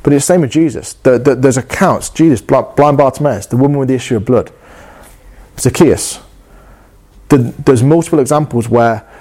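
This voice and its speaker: A man's voice: mid-range voice, warm tone. Earnest male preacher. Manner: earnest, passionate, repeats and restarts phrases. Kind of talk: sermon.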